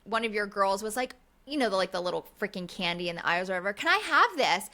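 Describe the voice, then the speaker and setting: A woman's voice: medium pitch, rapid-fire, fairly bright tone. A woman co-hosting a podcast, a mother telling casual stories, swearing freely and acting out what people said. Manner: chatty storyteller, swears freely, acts out quotes. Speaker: podcast co-host; mother of several kids. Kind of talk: casual chat recapping reality TV.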